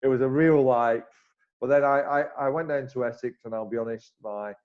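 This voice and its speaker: A man, a former cricketer as interview guest, telling animated stories with many restarts. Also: mid-range voice, brisk. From Bolton, northern England. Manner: animated anecdotes, frequent restarts, acts out dialogue. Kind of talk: casual interview storytelling. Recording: slightly muffled recording.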